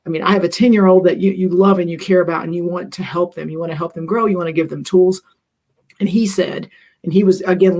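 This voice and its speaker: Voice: medium pitch, a little mellow. A middle-aged co-host speaking earnestly in a rambling, self-deprecating way, with plenty of fillers, about being a parent. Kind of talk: reflective conversational talk.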